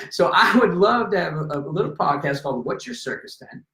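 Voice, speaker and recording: Animated storytelling man, roomy sound. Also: high voice, normal speed. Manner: animated, acts out voices in anecdotes. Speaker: podcast guest. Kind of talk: casual storytelling. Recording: roomy echo.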